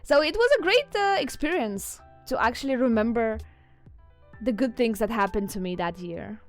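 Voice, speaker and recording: A woman with a non-native English accent chats casually on a stream, answering her viewers. Her fairly high voice often breaks into giggles. Faint music plays behind her. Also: animated, normal speed. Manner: giggly, chatty, reads chat aloud.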